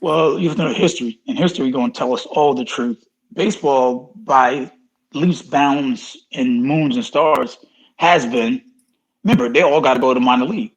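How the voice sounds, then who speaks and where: A man's voice: medium pitch, moderate pace, husky, low-quality recording. A middle-aged man and former pro football player, a podcast guest telling stories with emphatic repetition and acted-out dialogue. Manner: animated storyteller, acts out quoted dialogue, emphatic repetition. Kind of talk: casual interview storytelling.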